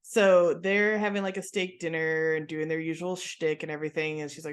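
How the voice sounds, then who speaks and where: A woman's voice: sits low, normal speed, few pauses. A woman co-hosting a podcast, chatting casually and retelling scenes with lots of laughter. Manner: giggly, animated retelling with quoted lines. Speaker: podcast co-host. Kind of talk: casual chat recapping a TV episode.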